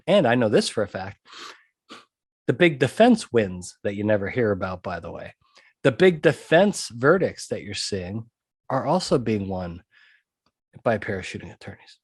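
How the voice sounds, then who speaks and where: Recorded with clean studio sound and no echo, this man's medium-pitched voice carries a breathy edge. He's a podcast host and trial consultant delivering a monologue, hammering home his main points through repetition and frequently asking "okay?"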